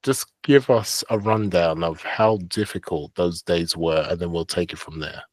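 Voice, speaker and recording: Gentle, encouraging podcast host, very low voice, dry studio sound. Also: normal speed, no room sound. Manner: gentle, encouraging listener with frequent murmurs. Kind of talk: interviewing.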